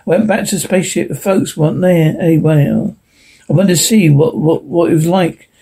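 Brief: a nervous, stubborn boy who pleads and insists, voiced by a man reading aloud, slightly raised pitch, husky. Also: moderate pace, mellow. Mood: urgent.

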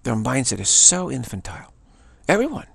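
A man giving a rambling spiritual talk, digressive and halting, restarting his sentences often. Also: fairly low pitch, creaky, husky, dry recording. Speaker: spiritual teacher. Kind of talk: rambling spoken monologue.

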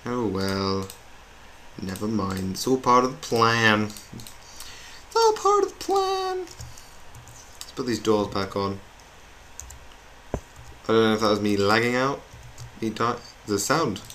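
A man's voice: lowish voice, steady tone, unhurried, long pauses, fairly bright tone. A young man chatting in a rambling, self-mocking way as he plays a video game. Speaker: gamer. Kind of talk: gameplay commentary. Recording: noisy home recording with keyboard clicks.

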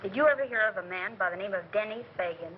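An actress playing a quick-witted young woman reporter, brisk and teasing, in 1930s film style on an old soundtrack. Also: medium pitch, expressive, dull audio, a little hiss or hum, natural voice.

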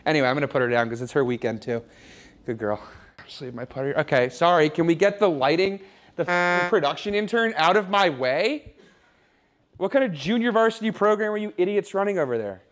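With slight background noise, a man whose voice is on the high side and close to everyday speech performs a comedic home tour. Playing a smug, oblivious rich young man in an improvised parody, he walks through his loft boasting, rambling, and acting mock-sentimental.

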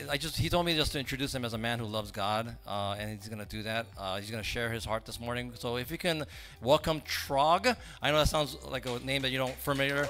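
A man's voice: medium pitch, bright, forceful tone. A man giving casual, joking announcements to a church congregation, chatty and full of asides. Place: church sanctuary.

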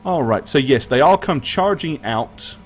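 A man's voice: medium pitch, lively intonation, unhurried. A man narrating as game master of a tabletop game, with rambling, filler-heavy speech.

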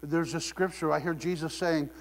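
A man delivers a sermon in a loose, joking way, laughing as he goes. His voice sits a little high. The sound rings with the long reverb of a large hall. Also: fairly even intonation, moderate pace. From Ohio. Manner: humorous, conversational, laughing often. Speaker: preacher.

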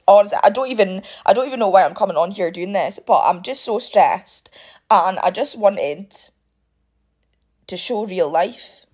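A British woman pours out her money worries into a phone held at arm's length. Her voice is husky and swings widely in pitch, climbing as she gets worked up and clipping off her swear words. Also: a little mellow. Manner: upset, swears with clipped-off words, voice rising and breaking. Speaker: single parent venting. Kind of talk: emotional vent to camera.

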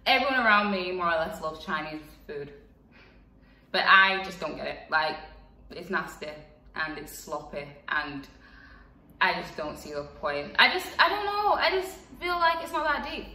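A woman's voice: lowish voice, sharp tone, recorded from a distance. A young woman in her twenties, chatting frankly in a casual vlog, with lots of fillers. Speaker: vlogger. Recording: echoey room, voice a bit off-mic.

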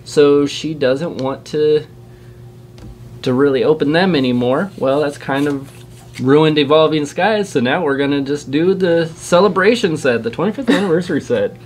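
A man's voice: a little high, normal speed, a little mellow. A man hosting a casual unboxing video. He chats eagerly and reels off card names as he opens packs. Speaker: channel host opening trading card packs. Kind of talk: casual chat while unboxing.

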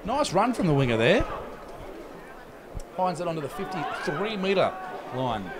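Excitable man calling rugby league. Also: fairly high pitch. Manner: rapid, excitable, jokey play-by-play. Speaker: play-by-play commentator. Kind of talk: live rugby league commentary. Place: commentary box at an outdoor ground. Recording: loud crowd and outdoor noise.

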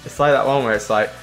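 A man commentating his own gameplay in a casual, excitable way, cursing freely and breaking into shouts. His voice is bright and climbs up and down a lot, and he drawls his words slowly. Faint music sits behind him. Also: medium pitch. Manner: excitable, swears freely, bursts into shouts and laughter. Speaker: gaming channel host.

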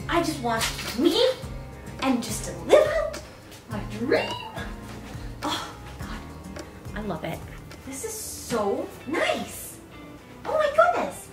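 A woman of thirty in a casual birthday vlog, gushing and gasping with excitement as she unpacks and tries on outfits. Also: high voice, takes it slowly, long pauses. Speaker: vlogger. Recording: echoey room, mic at a distance, loud music. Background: music.

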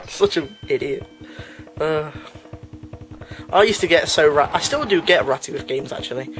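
A young man with a British accent chats his way through a game, wandering off topic and correcting himself mid-sentence. His voice sits a little high, and he often laughs at himself. Soft game music plays quietly behind him. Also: big pitch swings, normal speed, long pauses. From Britain. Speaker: let's play commentator. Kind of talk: casual gameplay commentary.

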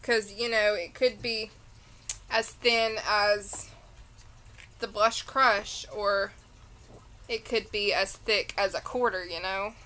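A woman's voice: medium pitch, steady tone, takes it slowly, pauses often, pushed and bright, poor audio. A tired woman with a Southern accent, rambling through a casual beauty unboxing chat full of tangents. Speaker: beauty vlogger.

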